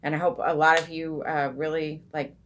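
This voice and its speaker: A low-pitched, middle-aged woman coaches meditation in an easy, chatty way, stopping often with "um" and starting sentences over. When she leads the breath she slows right down and goes soft. A faint hum of room ambience sits under her voice. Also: flat delivery. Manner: unhurried, many ums and restarts, soft and slow when guiding the breath. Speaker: meditation coach and group host. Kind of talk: casual teaching talk on meditation.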